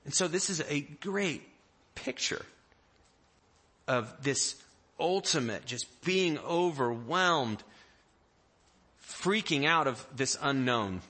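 A man preaching a sermon in a conversational, animated way, acting out the story with quoted voices. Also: a little high, takes it slowly, pauses often, slightly rough. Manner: animated, acts out the disciples' panic in quoted voices; conversational, with restarts and small jokes. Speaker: pastor.

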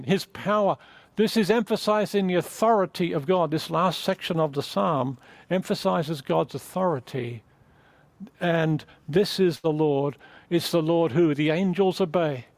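Man, preacher, earnest sermon, slightly high voice, dry close sound, emphatic restarts. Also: normal speed, a little mellow, no echo. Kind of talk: sermon with closing prayer.

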